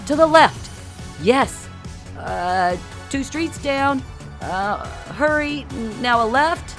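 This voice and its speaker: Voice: high-pitched, expressive, extremely slow, pitched above the performer's own voice, exaggerated voice. A flustered suburban everyman in his forties, acted by an audiobook narrator, pleading and scrambling as he talks. Faint music sits under the storybook reading. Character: fortyish suburban everyman husband.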